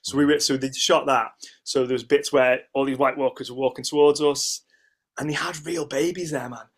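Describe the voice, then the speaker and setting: A man's voice: medium pitch, fairly even intonation, normal speed. A middle-aged man, a guest ice sculptor telling stories in a casual interview, rambling with restarts and acting out quotes. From United Kingdom.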